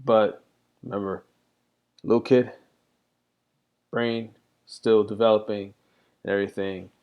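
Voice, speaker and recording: A man's voice: on the low side, level tone, takes it slowly, a little mellow. Candid middle-aged man musing aloud. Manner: candid, rambling, frequent fillers. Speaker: vlogger. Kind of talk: reflective casual monologue.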